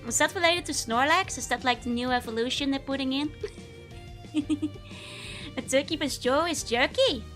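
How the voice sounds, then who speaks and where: A woman's voice: sits high, moderate pace, a bit bright, soft background music. A woman, chatting casually with viewers on a live stream, giggling often while her voice is still recovering from illness. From Netherlands. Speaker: VTuber streamer.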